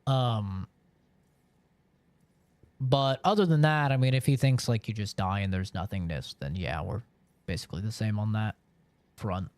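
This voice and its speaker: A man's voice: fairly low pitch, unhurried, pauses often, a little mellow, no echo. A man live-streaming and chatting casually with viewers, rambling along with lots of filler words.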